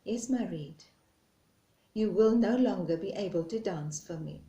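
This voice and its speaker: A woman speaking as a gentle, patient God in a parable, her voice soft and slow, recorded in an echoey room. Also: mid-range voice, close to an everyday voice. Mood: tender.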